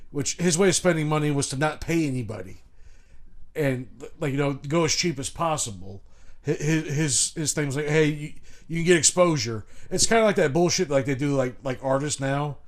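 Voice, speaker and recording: A man from Chicago with a fairly high voice rambles through a podcast over a remote call, swearing freely and circling back on himself. His talk is loose and full of restarts and asides. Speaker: podcast co-host. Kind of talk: casual chat.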